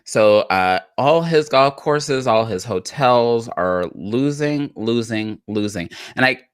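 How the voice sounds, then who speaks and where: A woman's voice: extremely low pitch, lively intonation, takes it slowly, clear, resonant tone, dry recording, studio quality. A woman co-hosting a live talk show, chatting casually about politics and repeating phrases for emphasis. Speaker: podcast co-host.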